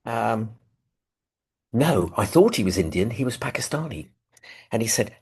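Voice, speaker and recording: A man's voice: lowish voice, very animated, unhurried, vocal fry, long pauses, darkish tone, breathy edge. A man with a London accent, speaking from his living room on a video call, telling his recovery story in a casual, self-deprecating way with many fillers. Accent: London English. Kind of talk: personal testimony, casual.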